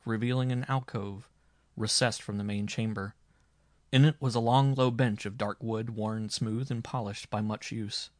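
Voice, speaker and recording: A man reading a dark historical story aloud, with a dramatic, expressive delivery. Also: mid-range voice, no room sound, clean studio sound. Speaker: audiobook reader. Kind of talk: scripted narration.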